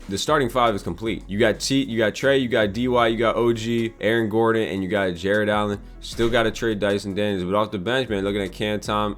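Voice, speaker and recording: A young man with a somewhat low voice gives casual gameplay commentary, reasoning out loud in loose slang. He swings between quiet mumbling and sudden irritated outbursts, like a YouTuber talking over his screen at a desk mic. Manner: slangy, frustrated outbursts, thinking aloud. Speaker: gaming YouTuber.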